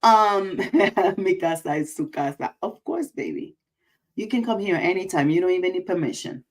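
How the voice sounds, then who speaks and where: A woman's voice: fairly low pitch, normal speed, poor audio. A woman hosting a casual livestream, effusive and emotional, repeating her greetings. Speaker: livestream host.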